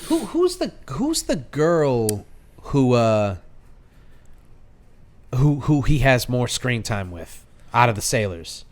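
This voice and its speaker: An American man co-hosting a podcast, chatting casually about a movie, animated and profane, with many restarts. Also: mid-range voice, slow, long pauses. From United States. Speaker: podcast co-host. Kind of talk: casual movie review chat.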